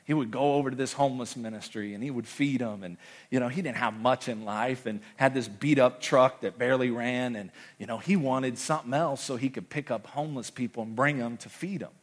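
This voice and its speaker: Middle-aged man, pastor mid-sermon, impassioned storyteller, swings between loud and hushed delivery. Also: medium pitch, fairly quick.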